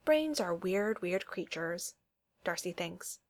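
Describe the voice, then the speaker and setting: A woman narrating a story in an expressive reading voice. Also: fairly low pitch, slow pace. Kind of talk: fan fiction story reading.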